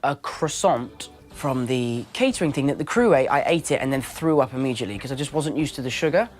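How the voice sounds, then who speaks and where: A man's voice: mid-range voice, lively intonation, brisk, faint music behind. A young English man telling stories in a casual interview, playful, acting out quotes and laughing easily. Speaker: actor guest.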